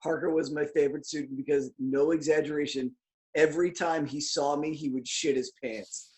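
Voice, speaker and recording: A man's voice: on the high side, steady tone, moderate pace, a little mellow, poor audio. A young adult man, a podcast co-host, telling a crude comic anecdote with laughter. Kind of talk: comedic storytelling.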